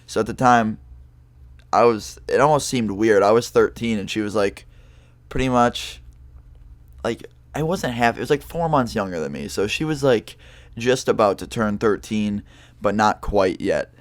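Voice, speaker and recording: A man's voice: fairly low pitch, lively intonation, moderate pace, no room sound. A young man telling a personal story in a casual, rambling monologue, full of fillers and the odd swear word.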